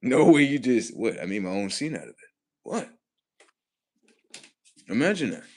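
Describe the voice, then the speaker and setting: A man rambling on a casual livestream, profane and slangy, laughing often and swinging between loud outbursts and low mumbles. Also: sing-song, normal speed.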